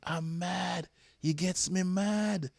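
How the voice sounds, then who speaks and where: A Jamaican man hosting a fan channel, giving an impassioned match reaction that repeats itself and flares up before calming. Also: sits high, slow, gravelly, no room sound, studio quality. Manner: impassioned, repeats himself, flares up then calms.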